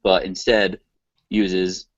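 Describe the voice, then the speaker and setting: A man's voice: low voice, flat delivery, drawn-out words, dry recording. A man doing improv comedy banter, playful and laughing often. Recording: dry lo-fi recording.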